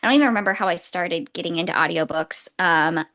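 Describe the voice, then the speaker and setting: A woman's voice: on the low side, quick pace, bright, forceful tone. A young woman co-hosting a casual book podcast, gushing and laughing often as she chats. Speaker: podcast co-host.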